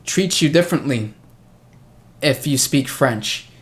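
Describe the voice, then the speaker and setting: Speaking at a slow pace with medium pitch, this young man from the US is an English teacher chatting casually with a friend. He tells stories with animation, performing each line of quoted dialogue.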